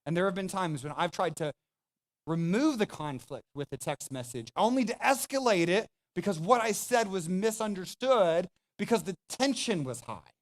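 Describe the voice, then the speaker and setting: Pastor guy preaching, emphatic and chatty, talks right to the crowd, kinda high voice. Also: lively intonation, moderate pace. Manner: emphatic, conversational preaching with direct address. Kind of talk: sermon.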